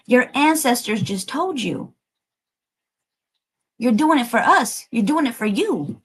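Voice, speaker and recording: A woman's voice: on the high side, expressive, measured pace, husky, low-quality recording. A woman giving a livestreamed collective tarot reading, emotional and emphatic, urging listeners on and swearing casually. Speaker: tarot reader.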